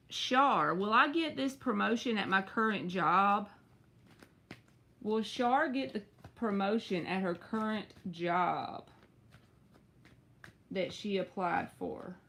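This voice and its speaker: A young woman with a Southern US accent reads tarot on a casual live stream. She chats with viewers, drawls and stretches out her words, and jumps suddenly high. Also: fairly bright tone. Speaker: tarot reader.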